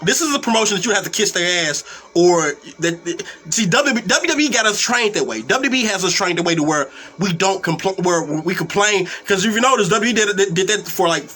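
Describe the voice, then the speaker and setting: A man's voice: sits high, animated, a little fast, bright, forceful tone. A young man hosting a wrestling talk stream, ranting angrily with a lot of cursing and repeated, stumbling words. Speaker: wrestling commentary host. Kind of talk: profane live-stream rant.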